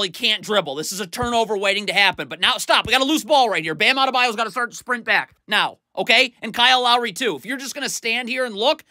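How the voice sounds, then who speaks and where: A man's voice: very high voice, pushed and bright, no room sound. A man doing a blunt, exasperated video breakdown of basketball defense, scolding the players as he talks. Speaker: basketball film analyst.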